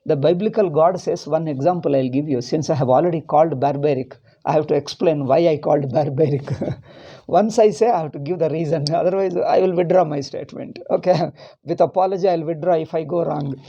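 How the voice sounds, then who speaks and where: A man's voice: on the high side, brisk, dark tone, highs cut off. A middle-aged man from India with an Indian English accent, giving a rambling, impassioned religious discourse as a spiritual teacher. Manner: rambling and impassioned, with many restarts.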